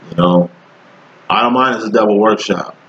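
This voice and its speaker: A man's voice: moderate pace, dull audio, a little hiss or hum. Blunt, profane male tarot reader. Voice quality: profane, blunt and streetwise, with slang. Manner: animated, rhythmic, jumping in pitch for emphasis. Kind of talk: casual tarot reading monologue.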